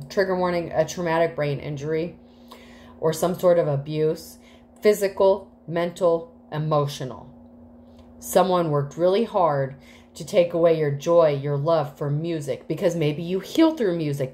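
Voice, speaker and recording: A woman's voice: deep voice, mellow, slight background noise. A woman giving a casual tarot reading to the collective, rambling with many fillers, swearing freely and getting emotional. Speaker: tarot reader.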